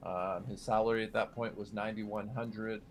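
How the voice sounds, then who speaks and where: A man's voice: fairly low pitch, fairly even intonation, moderate pace, faint music behind. A man co-hosting a casual sports betting podcast, hesitant and heavy on ums and uhs. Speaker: podcast co-host.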